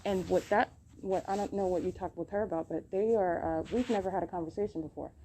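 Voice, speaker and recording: A woman's voice: lowish voice, fast, mellow, a little hiss or hum. A woman recording herself in a public library, talking in an accusing, insistent way and repeating her points. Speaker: podcast host recording her own encounters. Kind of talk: live self-recorded commentary.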